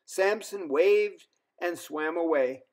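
A man reading a children's story aloud as a storyteller, in an expressive way. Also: a little high. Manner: slow, expressive.

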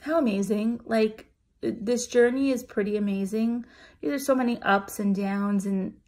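A woman's voice: fairly high pitch, unhurried, a little mellow. A woman vlogger telling a personal story to camera in a chatty, emotional way, full of fillers and restarts. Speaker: vlogger sharing a weight-loss weigh-in.

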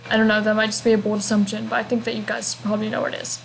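A woman's voice: mid-range voice, flat delivery, rapid-fire, vocal fry, a little hiss or hum, poor audio. A young woman chatting through a video game walkthrough, rambling casually and humming little fillers as she goes. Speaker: gameplay walkthrough narrator.

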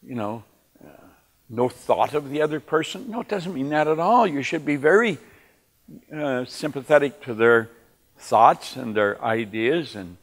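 A man giving a motivational talk, telling personal stories and moving from quiet moments to emphatic ones. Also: fairly high pitch. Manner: animated, swings from quiet to emphatic. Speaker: motivational speaker. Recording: long reverb in a large hall.

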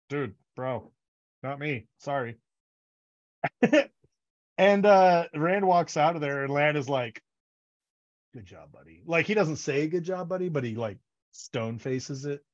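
A man co-hosting a casual fan podcast, animated and laughing, acting out characters' lines as he retells scenes. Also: fairly high pitch, measured pace. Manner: animated, acts out quotes, laughs often. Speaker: podcast co-host. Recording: dull lo-fi audio.

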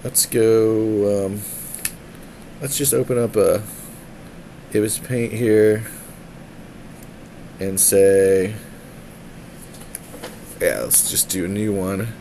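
A man's voice: fairly low pitch, fairly even intonation, extremely slow, pauses often, mellow, slight background noise, low-quality recording. A man streaming from a tablet, a musician who rambles casually, jokes around and keeps slipping into silly voices. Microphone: tablet mic.

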